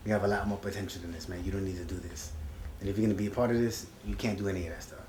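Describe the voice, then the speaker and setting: A man's voice: sits low, fairly even intonation, rapid-fire, a little mellow, roomy sound, slight background noise. A man telling stories in an interview, laid-back and emphatic. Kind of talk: reflective storytelling.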